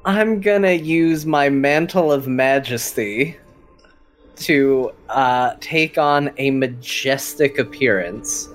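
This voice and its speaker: A man's voice: mid-range voice, slow, faint music behind. A man playing in a tabletop game, casually describing his moves and reading rules aloud. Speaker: player.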